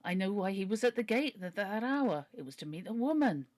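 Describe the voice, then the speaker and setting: A woman's voice: medium pitch, sing-song, fairly quick, darkish tone, natural voice. A woman voicing a humble, pleading older male butler while reading a novel aloud. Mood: earnest. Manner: earnest, deferential, begging.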